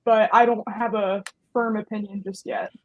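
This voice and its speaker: A woman's voice: mid-range voice, steady tone, normal speed, phone-quality sound. A woman on a podcast, giving her view casually and a little hesitantly. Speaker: podcast co-host. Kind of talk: casual chat.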